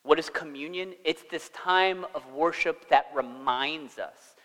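Pastor guy preaching, pretty high voice, chatty, asks the crowd stuff, big echoey church. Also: a little slow, a bit bright. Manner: conversational, asks the congregation questions. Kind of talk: sermon.

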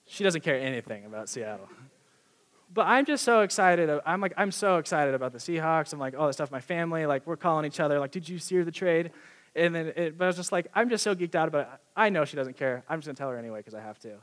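A young man preaching a sermon in a casual, excited, conversational way, with many fillers. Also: fairly high pitch, fast.

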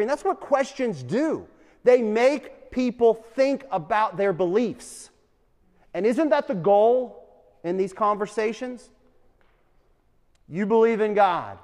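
A young adult man teaching a class, an animated storyteller who keeps asking the room questions. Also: high voice, normal speed. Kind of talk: lively classroom talk with questions to students. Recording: long reverb in a hall.

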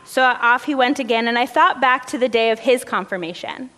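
A woman's voice: on the high side, brisk. Woman pastor preaching in a reverberant hall. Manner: conversational storytelling, relaxed fillers. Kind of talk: sermon.

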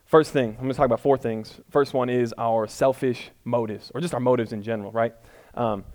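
A male pastor gives a relaxed, conversational sermon with a self-deprecating streak. He stays loose and chatty, then presses his points home with rising emphasis. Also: mid-range voice, brisk. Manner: casual, self-deprecating, builds to emphatic peaks. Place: church room before a congregation.

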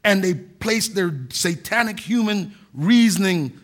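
A pastor delivers a sermon in a notably high voice for a man. He preaches earnestly, pressing hard on key words and now and then restarting a phrase. He sounds middle-aged. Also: unhurried. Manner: earnest preaching with emphatic stresses and some restarts.

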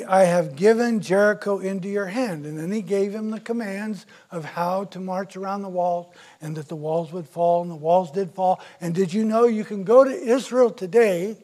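A male pastor preaching a sermon, retelling scripture stories with big swings from loud to soft. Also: high-pitched. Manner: storytelling, dramatic swings in loudness.

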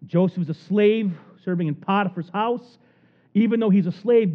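A man preaching a sermon in an animated storytelling manner, acting out the people in the story. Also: high-pitched, normal speed. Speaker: pastor. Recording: tinny phone-like recording.

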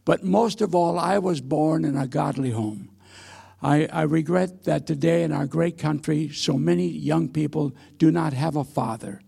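An elderly man in his eighties gives a sermon from a church pulpit, telling folksy stories at his own expense. His voice sits a little high and carries heavy gravel, with a husky, rough texture. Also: moderate pace, mellow. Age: 80s. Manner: folksy, self-deprecating storytelling with hesitations. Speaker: missionary preacher. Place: church sanctuary.

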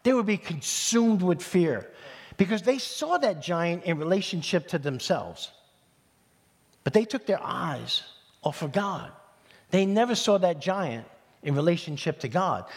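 A man pastor from New City, preaching in an animated, conversational way with humorous asides. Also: on the high side, breathy edge. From New York City. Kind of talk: sermon. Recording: long hall reverb.

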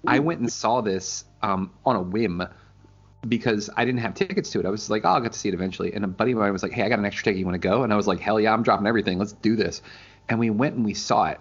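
A man co-hosting a casual chat, telling stories in an animated way, swearing freely and acting out quotes. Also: lowish voice, husky, highs cut off. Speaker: podcast co-host.

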